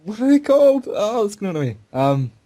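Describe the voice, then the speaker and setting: A man's voice: sits high, sing-song, fast, dark tone. A man co-hosting a casual podcast, joking and swearing as he chats over a computer mic. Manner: swearing, joking, laughing often. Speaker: podcast co-host. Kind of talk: casual chat.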